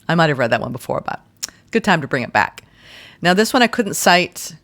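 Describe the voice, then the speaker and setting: A woman giving a guided tarot and astrology reading in a gentle, soothing way, speaking in slow, deliberate phrases. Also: deep voice, sing-song. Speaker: tarot reader.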